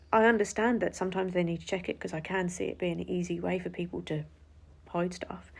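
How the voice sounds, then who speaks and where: A woman's voice: medium pitch, darkish tone. A woman telling an indignant story to camera, swearing freely and acting out what was said. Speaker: vlogger.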